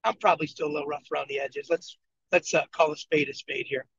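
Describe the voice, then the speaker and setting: A man's voice: fairly high pitch, fairly even intonation, fast talker, gravelly, a bit bright, slightly rough. A man from Buffalo, New York, leading a motivational coaching session and telling his story with emphatic repetition over a video call from a moving vehicle. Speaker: team leader and coach. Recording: dull lo-fi video call audio.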